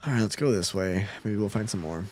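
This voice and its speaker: A man's voice: lowish voice, a little fast, a little mellow, slight background noise. A man live-streaming a game, chatting casually with his viewers and reading out their messages with a laid-back, chuckling manner. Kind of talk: casual live-stream chat while gaming.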